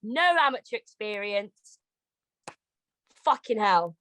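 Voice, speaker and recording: A woman with a British accent, a boxer talking as an interview guest on a video call, rapid, animated and swearing heavily. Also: mid-range voice, poor audio. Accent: British English. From Britain. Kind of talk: casual interview chat.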